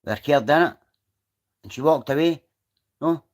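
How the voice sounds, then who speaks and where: A man's voice: a little high, a little slow. Chatty Scottish man rambling on a livestream. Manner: rambling, chatty, swears freely. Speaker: livestream host. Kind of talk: casual livestream chat. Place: outdoors.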